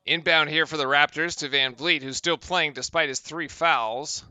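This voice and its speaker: A man calling a basketball game play-by-play, with brisk, excited calls of the action. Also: on the high side, smooth, dry recording. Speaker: play-by-play commentator.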